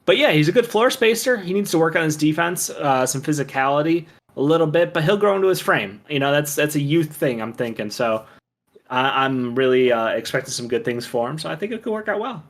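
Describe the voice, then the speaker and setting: A man's voice: fairly high pitch, expressive, a little fast. A man co-hosting a casual sports talk show, giving enthusiastic, rambling analysis full of fillers. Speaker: co-host.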